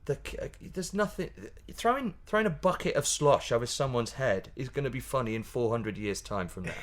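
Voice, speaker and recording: A man, a pantomime comedian chatting as a guest in a casual interview, animated and laughing, often restarting his sentences. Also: medium pitch, a little fast. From Yorkshire, England.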